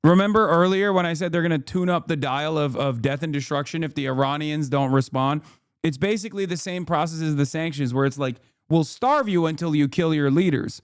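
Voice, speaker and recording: A man's voice: fairly high pitch, fairly even intonation, a little fast, smooth, dry recording, studio quality. A man doing live stream commentary, sarcastic and profane, rising into angry rants.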